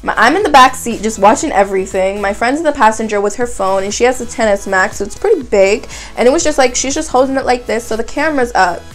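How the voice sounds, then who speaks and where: Brief: young woman, 18, chatty and dramatic storyteller, slightly high voice. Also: fast talker, few pauses, soft background music. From Canada. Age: young adult, 18. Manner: chatty, dramatic retelling with frequent "like". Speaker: vlogger. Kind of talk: casual storytime.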